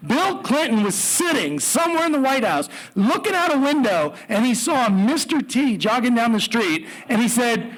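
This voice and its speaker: A man telling a personal story at a live story slam, animated with comic asides. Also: extremely high pitch, normal speed, few pauses.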